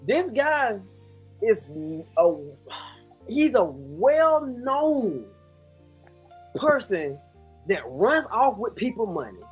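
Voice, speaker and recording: A co-host adds quick interjections during a livestream, often repeating words while getting a point out. The voice is husky and moves around lively in pitch. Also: faint music behind. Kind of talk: livestream commentary.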